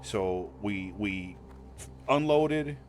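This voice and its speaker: A man's voice: fairly low pitch, expressive, drawn-out words. A man with a slight Montana accent, a streamer telling a long story in casual, rambling talk, cursing freely and laughing often. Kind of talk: casual storytelling while gaming.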